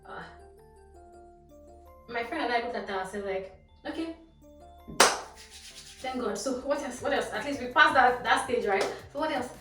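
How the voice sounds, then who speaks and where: A young woman with a Nigerian accent telling a storytime vlog in a lively, animated way, dropping Pidgin phrases. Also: fairly high pitch, moderate pace, long pauses. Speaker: vlogger. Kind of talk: casual storytime. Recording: echoey room, voice from a distance, faint music.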